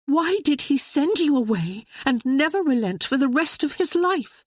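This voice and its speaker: A reader voicing a distressed young noblewoman, pitched high and pleading. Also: very animated, moderate pace, no room sound, clean studio sound. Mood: distraught. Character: young noblewoman, upset and demanding.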